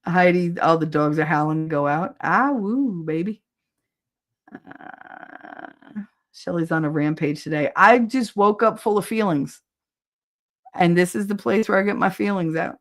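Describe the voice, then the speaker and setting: A woman co-hosting a livestream chats casually and animatedly with viewers, switching voices and laughing easily. Her voice is fairly low-pitched and a little slow, with long pauses.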